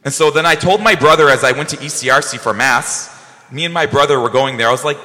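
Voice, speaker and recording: A man's voice: fairly high pitch, fairly quick. A male priest telling personal stories in a sermon, animatedly acting out remembered conversations. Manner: animated, acts out remembered dialogue. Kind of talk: sermon storytelling. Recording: long church reverb.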